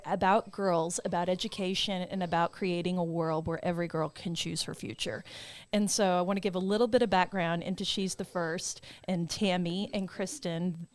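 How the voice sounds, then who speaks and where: Woman co-host, warm-up intro energy, enthusiastic and effusive, lower-pitched register. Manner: gushing, enthusiastic, talks in rushes. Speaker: podcast co-host. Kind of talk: casual podcast chat.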